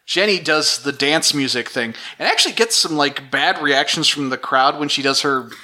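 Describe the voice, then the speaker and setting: A man's voice: a little high, normal speed, sharp tone. A man hosting a podcast, casually recapping episodes with fillers and wry jabs.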